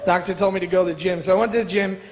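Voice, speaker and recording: A man's voice: sits high, fairly even intonation, racing, dull audio. A man from Brooklyn doing a stand-up comedy set, talking in a chatty, sarcastic way and teasing the audience. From Brooklyn, USA. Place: comedy club stage. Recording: reverberant live club with audience noise.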